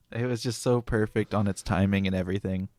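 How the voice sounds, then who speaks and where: Low-voiced young man, measured. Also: steady tone, darkish tone, no room sound. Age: young adult. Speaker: podcast co-host. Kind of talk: casual podcast chat.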